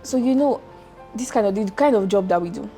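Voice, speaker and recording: A woman's voice: medium pitch, animated, a little fast, warm tone, faint music behind. A young woman with a Nigerian accent hosting a casual interview, playful and teasing as she asks her questions. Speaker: podcast host.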